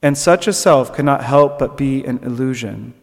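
A gravelly, mid-range voice at a moderate pace belongs to a young preacher giving a sermon reflection with a long reverb tail. He talks conversationally, using fillers and restarts, and becomes animated in stories.

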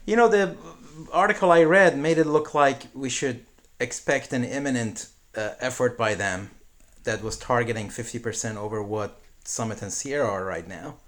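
A man's voice: mid-range voice, moderate pace, fairly bright tone. A man co-hosting a casual tech podcast, speaking in an agreeable, analytical way. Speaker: podcast co-host.

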